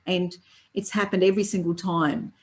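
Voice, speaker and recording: A woman's voice: fairly low pitch, moderate pace. Older woman telling her story. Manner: lively storyteller who acts out quoted dialogue. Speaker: Reiki teacher, interview guest. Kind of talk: personal storytelling in an interview.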